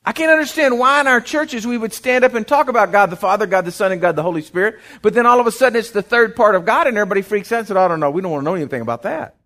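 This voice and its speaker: A man's voice: very high voice, racing, hardly any pauses, fairly bright tone. A man preaching a folksy sermon, often repeating words as he goes. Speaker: pastor.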